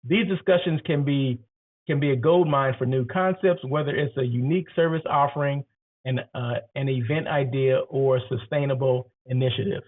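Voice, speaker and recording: A man giving casual advice on running hotels, rambling and asking the listener questions, his throat catching as he clears it now and then. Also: mid-range voice, moderate pace. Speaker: hotel industry host. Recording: tinny phone-like audio.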